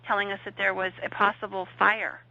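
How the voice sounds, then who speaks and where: A woman's voice: mid-range voice, flat delivery, brisk, pushed and bright, no echo. A woman guest recounting a paranormal investigation in conversation, with vivid, suspenseful storytelling. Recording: dull lo-fi audio.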